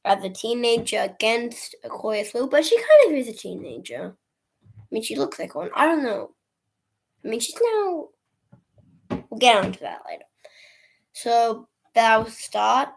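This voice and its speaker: Slow-talking, high-voiced woman movie reviewer. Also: lively intonation, creaky. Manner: chatty, laughs often, acts out characters' lines while retelling scenes. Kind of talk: casual livestream movie recap.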